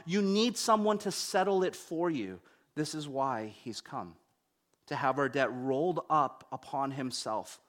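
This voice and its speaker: A young man preaching a sermon, telling stories with wide swings between loud and hushed delivery. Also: medium pitch, animated, unhurried.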